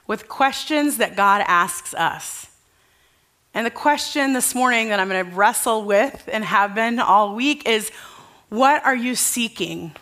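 A woman's voice: medium pitch, pushed and bright. A woman pastor giving a conversational sermon at a church service, earnest and casual, asking the congregation questions.

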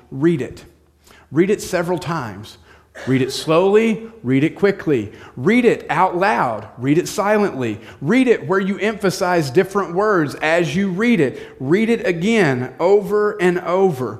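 A male pastor preaching a sermon in a direct, practical way, repeating short commands. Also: on the high side.

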